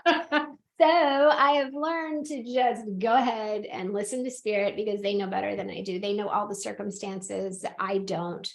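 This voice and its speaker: A woman hosting a podcast, telling a personal story in casual chat, animated and laughing often as she acts out what people said. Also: mid-range voice, moderate pace, vocal fry, roomy sound. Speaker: podcast host and medium.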